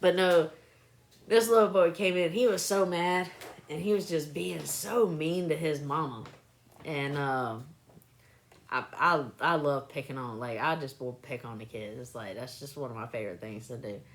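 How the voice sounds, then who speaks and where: Low-voiced woman telling chatty stories. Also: moderate pace. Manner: chatty, animated anecdotes with bursts of laughter. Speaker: livestreamer recalling clinic work. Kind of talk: casual live-stream storytelling.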